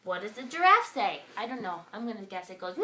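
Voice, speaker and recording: A mother reading a picture book aloud to her baby at home, slow and coaxing in a sing-song way. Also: medium pitch, heavy background noise. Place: at home, indoors.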